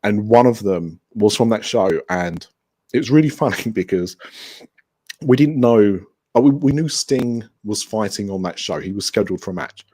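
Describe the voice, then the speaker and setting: A man's voice: lowish voice, expressive, normal speed, warm tone, husky. A man guesting on a podcast over a video call, talking enthusiastically in a rambling way with restarts. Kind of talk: casual remote interview chat.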